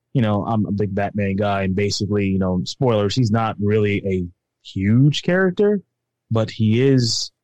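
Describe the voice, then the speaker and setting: Brief: middle-aged male host, upbeat chat, lowish voice, dry sound, video call. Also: darkish tone, no room sound. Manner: upbeat, chatty, self-correcting. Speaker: podcast host. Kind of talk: casual chat.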